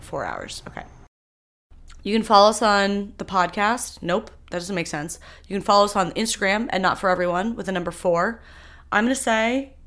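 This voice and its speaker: A young woman hosting a solo podcast, talking candidly and animatedly, her voice swinging between loud bursts and soft asides. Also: mid-range voice. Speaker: podcast host.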